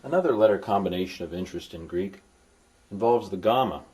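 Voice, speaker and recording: A man's voice: low voice, expressive, brisk, a little mellow, husky. A man recording a language lesson as a tutor, explaining patiently and dropping playful, jokey asides to his students. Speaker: Greek tutor.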